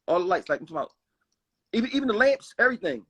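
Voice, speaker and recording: A man's voice: high-pitched, sing-song, very fast, fairly bright tone, slightly rough. A man in his forties from Philadelphia, telling personal stories in a rambling, emphatic way, full of restarts and "you know what I mean.". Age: 40s. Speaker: guest rapper. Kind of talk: candid personal storytelling.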